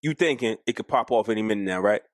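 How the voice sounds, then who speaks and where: A man's voice: fairly low pitch, fast talker, no echo. Man, podcast co-host, casual chat, argues his point, acts out quotes, dry close mic.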